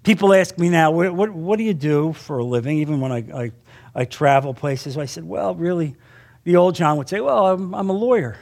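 A man's voice: fairly high pitch, brisk, creaky, darkish tone. A middle-aged man preaching a sermon to a men's group, earnest and repetitive, often checking in with his listeners. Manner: earnest, repeats phrases, asks "you understand?". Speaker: Bible teacher.

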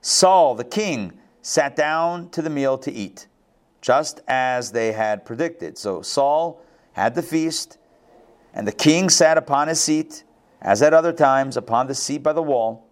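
During a Bible class, a medium-pitched man alternates between reading verses and offering casual commentary, his talk packed with restarts and fast asides.

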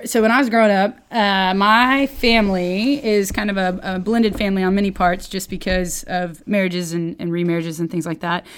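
A woman's voice: mid-range voice, clean tone. Chatty woman hosting a devotional podcast. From Oklahoma, United States. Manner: chatty, rambling, self-interrupting. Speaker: podcast host.

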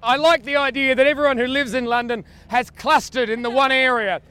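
An Australian man, a comedian, leading a mock tour on a busy city street outdoors with theatrical, grandiose tour-guide patter, sometimes leading the crowd in loud chants. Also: very high voice, fairly even intonation, brisk, clean tone.

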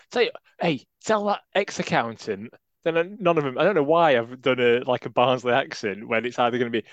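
A man's voice: mid-range voice, no room sound, lo-fi sound. A man chatting on a casual football podcast, rambling wryly through jokes and asides. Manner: wry, rambling banter. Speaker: podcast co-host.

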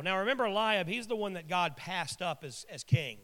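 A man preaching a sermon in a relaxed, conversational way, breaking in with joking asides. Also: sits high, a little fast, few pauses. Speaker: pastor. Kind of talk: sermon with casual storytelling. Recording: long hall reverb.

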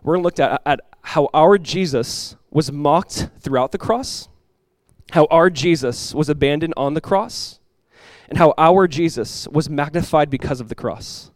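A young man preaching a sermon as a pastor, telling stories in a casual, animated way with many asides. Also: on the high side, unhurried, no room sound.

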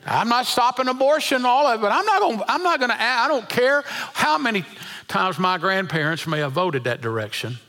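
A man's voice: very high-pitched, very animated, fairly quick, sharp tone. A middle-aged man preaching a sermon, telling folksy stories with chuckles and often repeating his words. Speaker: pastor.

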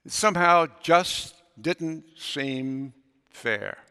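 A man's voice: a little high, animated, measured pace, bright, forceful tone. A man preaching a sermon as pastor, telling a story and acting out its characters. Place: church sanctuary. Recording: long reverb of a large hall.

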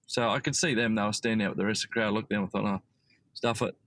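A man's voice: lowish voice, steady tone, very fast, a bit bright, rough recording. A man with an Australian accent, a podcast guest telling a long story casually, rambling with many fillers and restarts.

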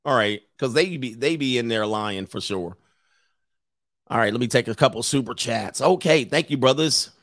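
Laughing streamer, dry close mic. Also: male voice, medium pitch, lively intonation, moderate pace, no echo. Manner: loud, laughing, mocking impressions. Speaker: streamer reacting to videos. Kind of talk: casual reaction commentary.

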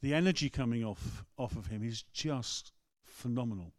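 A man's voice: medium pitch, moderate pace, darkish tone, no room sound, clean studio sound. A man with an English accent, a rector preaching a sermon in a conversational, storytelling way. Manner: storytelling, conversational, acts out quotes. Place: church.

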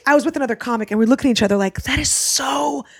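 A woman's voice: a little high, racing. A woman comedian co-hosting a casual podcast, telling stories and acting out people's voices. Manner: animated storyteller, acts out voices. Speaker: comedian co-host.

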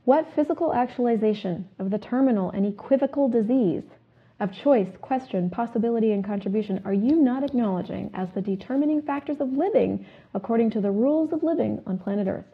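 Husky woman on a tinny line. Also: fairly high pitch, fairly quick. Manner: questioning, repeats a clearing statement. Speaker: host. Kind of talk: self-help talk with live viewers. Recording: phone-like narrow sound.

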